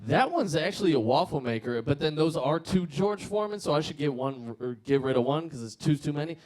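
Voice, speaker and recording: A man's voice: on the high side, lively intonation, fairly quick, a little mellow, lightly acted. A man putting on his patient, practical young girlfriend. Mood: reasonable.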